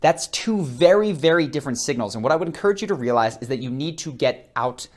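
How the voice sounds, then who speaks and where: An energetic male coach teaching straight to camera, his voice in a middle range. He demonstrates as he talks and shifts his tone and rhythm to make each point. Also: medium pitch, fast. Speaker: charisma and body-language coach. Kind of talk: on-camera instructional talk. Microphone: close camera framing, seated.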